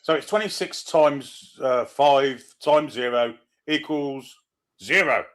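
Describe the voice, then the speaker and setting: A man's voice: mid-range voice, slow pace, fairly bright tone. Man making dry joking asides. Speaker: co-host. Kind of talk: casual football banter.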